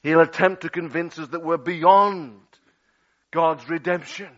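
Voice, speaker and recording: A man preaching a sermon, swinging dramatically between loud outbursts and hushed, low passages. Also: fairly even intonation, a little slow. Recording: dull lo-fi audio.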